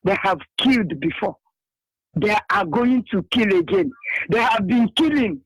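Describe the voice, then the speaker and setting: A man with a Nigerian accent recounts a vision on a radio show in a repetitive, emotional, halting way. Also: sits high, expressive, husky, no room sound, rough recording.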